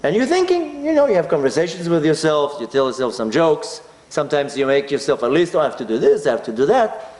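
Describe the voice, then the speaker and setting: A man's voice: on the high side, fast, echoey room. A man from Israel, telling a personal story as a talk and acting out his own inner voice. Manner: animated, acts out his inner voice. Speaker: speaker.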